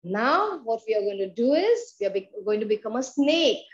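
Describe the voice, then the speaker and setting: A woman's voice: on the high side, very animated, normal speed. A woman with an Indian English accent leading a children's yoga class, giving encouraging instructions and counting breaths aloud. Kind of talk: guided fitness class for kids. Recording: dull, roomy sound with faint background noise.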